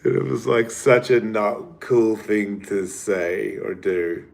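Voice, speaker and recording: A man's voice: lowish voice, slow pace, creaky, darkish tone. A man, hosting his podcast and telling a rambling, profane story in a casual monologue. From Australia. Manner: rambling, swearing, laughs often. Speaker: podcast host.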